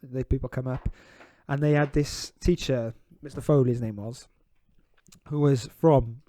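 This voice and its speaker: A man's voice: mid-range voice, steady tone, unhurried, mellow, no echo. A young man co-hosting a podcast, telling stories in casual chat with laughs and swearing. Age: young adult. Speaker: podcast co-host.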